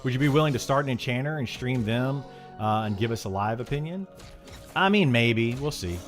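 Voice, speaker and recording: A man's voice: mid-range voice, expressive, a little fast, soft background music. A man live-streaming and answering chat, frank and opinionated, often restarting his sentences when heated. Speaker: game streamer.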